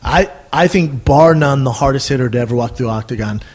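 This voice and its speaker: A man, a former fighter, telling stories in casual, animated conversation, often tacking on "man" and swearing freely. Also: medium pitch, fairly quick, husky. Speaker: podcast guest, former fighter.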